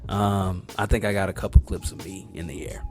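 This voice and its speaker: A man's voice: deep voice, brisk, loud music behind the voice. A man hosting a podcast, telling a story casually with slang and acting out the voices and reactions of the people in it. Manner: animated, acts out dialogue and reactions; slangy, conversational. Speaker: podcast host.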